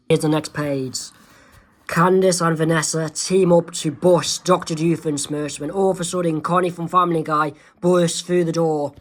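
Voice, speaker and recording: Man haltingly reading his comic aloud. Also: a little high, steady tone. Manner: halting, with fillers and self-corrections. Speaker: amateur comic artist, channel host.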